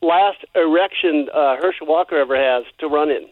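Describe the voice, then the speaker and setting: Halting caller on a tinny phone line. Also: male voice, a little high, dry recording. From Oregon. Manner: hesitant, halting, chuckles often. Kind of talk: phone-in conversation.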